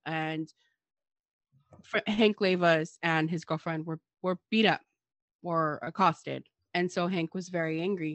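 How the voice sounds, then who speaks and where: Woman co-host, somewhat low voice, dry sarcastic wit, close dead sound. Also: creaky, fairly bright tone, no echo. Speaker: podcast co-host. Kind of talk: casual history discussion.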